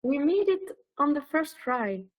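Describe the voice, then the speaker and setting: A woman's voice: high voice, very animated, unhurried, poor audio. A woman hosting a live online session, chatting casually and helpfully guiding her guest, using fillers like "um" and "like", over a video call. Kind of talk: casual pre-show chat.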